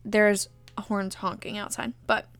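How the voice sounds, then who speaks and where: A woman's voice: mid-range voice, flat delivery, takes it slowly, fairly bright tone, soft background music. A young woman telling her engagement story in a casual, gushing way, full of fillers and close to tears. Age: young adult. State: tearful. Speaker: vlogger.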